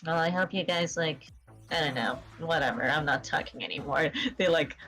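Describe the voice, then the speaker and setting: A woman's voice: low voice, moderate pace, a bit bright, faint music behind. A woman in a casual tabletop role-play session, teasing the others, swearing and laughing. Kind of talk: casual game chat.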